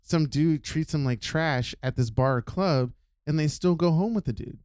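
Smooth-voiced ranting man. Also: fairly high pitch, moderate pace, no echo, clean studio sound. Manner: animated ranting, incredulous. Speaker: podcast co-host. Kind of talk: casual podcast chat.

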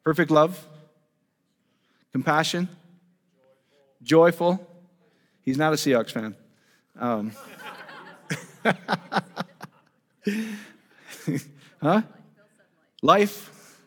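A man's voice: fairly high pitch, animated, very slow, long pauses. A man preaching a teaching sermon in a church hall, enthusiastic and conversational, firing off rhetorical questions to the congregation. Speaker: pastor. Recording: long reverb of a large hall.

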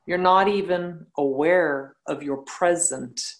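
A woman, a yoga teacher, speaking bluntly and telling animated stories in a casual podcast conversation. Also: deep voice, slow, poor audio.

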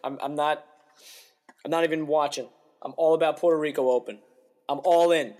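A young man co-hosting a casual golf podcast, talking in an animated, joking way. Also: fairly high pitch, moderate pace. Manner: animated, jokey, mimics players' voices. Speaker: podcast co-host. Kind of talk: casual chat.

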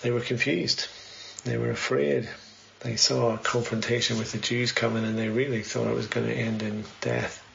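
A man's voice: medium pitch, little pitch movement, moderate pace, vocal fry, fairly bright tone. A man giving a conversational sermon, reading scripture and asking the listeners questions. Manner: conversational, earnest, poses many questions. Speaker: preacher. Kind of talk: sermon, Bible reading and reflection. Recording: slightly dull, faint background noise.

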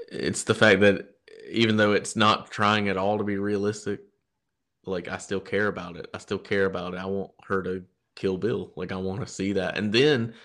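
This podcast co-host chats loosely about films, full of enthusiasm and frequent restarts. He speaks with a low-pitched voice that carries a fairly bright tone.

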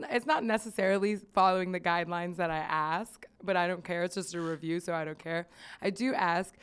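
A woman's voice: fairly low pitch, clear, resonant tone. A woman hosting her own podcast in casual chat, giggling often, rambling with fillers and swearing freely. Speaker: podcast host.

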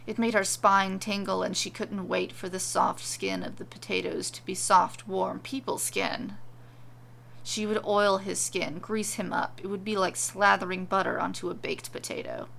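A woman narrating a comic storybook tale with a deadpan, wry delivery. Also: medium pitch, normal speed, creaky, slight background noise.

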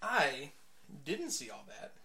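A man's voice: mid-range voice, huge pitch swings, slow pace, sharp tone. A man co-hosting a casual chat podcast, easygoing, with dry asides while going through a list of news items. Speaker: podcast co-host.

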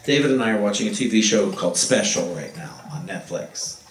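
A man's voice: lowish voice, brisk. A man giving an earnest, playful spiritual talk who acts out quotes now and then. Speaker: spiritual speaker. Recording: roomy, distant mic.

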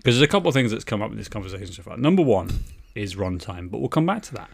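A man co-hosting a podcast, talking in excited, incredulous rambles. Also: lowish voice, racing, vocal fry, husky. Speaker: podcast co-host. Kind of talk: casual chat.

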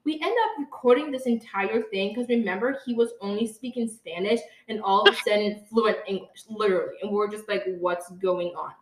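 A woman's voice: mid-range voice, brisk, hardly any pauses, a little hiss or hum. A young woman co-hosting a podcast, telling a story casually, with lots of "like", and talking straight to her listeners. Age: young adult. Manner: chatty, says "like" a lot, talks to listeners as "guys". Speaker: podcast co-host. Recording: roomy sound from a distant mic.

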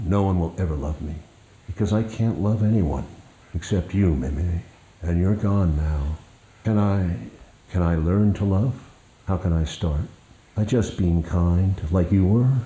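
An older man, a guest, reading from his memoir and talking in a slow, measured, hesitant way. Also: sits low, warm tone.

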